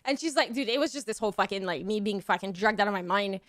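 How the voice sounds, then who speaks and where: A young woman streamer casually telling a story to her chat, acting out the quoted lines in squeaky high voices. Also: fairly even intonation, quick pace, few pauses, a bit bright.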